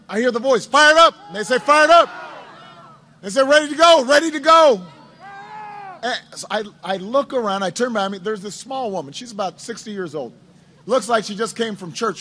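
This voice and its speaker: High-pitched man telling a campaign story. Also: a bit bright. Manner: storytelling with many self-repetitions and wry asides. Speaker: politician addressing supporters. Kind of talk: anecdotal campaign speech. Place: indoors at a campaign office.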